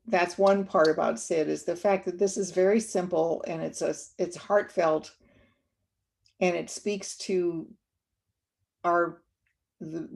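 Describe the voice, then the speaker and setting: Woman, low register, gravelly edge; gentle reflective storyteller, lots of ums and restarts. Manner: gentle, unhurried, with many fillers and restarts. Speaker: guest speaker.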